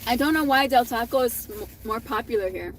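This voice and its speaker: A woman's voice: on the high side, brisk, a little hiss or hum, rough recording. A young adult woman telling a personal story in a casual vlog, candid and profane, laughing now and then. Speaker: vlogger.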